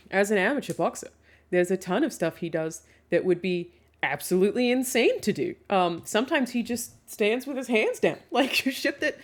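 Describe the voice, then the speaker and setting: A young woman streamer chatting casually with her viewers and reading their questions aloud. She swears freely, laughs often and fills her talk with "um"s. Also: medium pitch.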